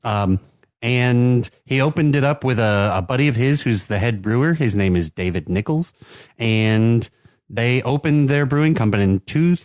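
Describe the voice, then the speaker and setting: A man's voice: mid-range voice, lively intonation, moderate pace, darkish tone, no room sound. An American man co-hosting a casual podcast, giving rambling, filler-laden explanations as he presents a beer. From United States. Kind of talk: casual chat.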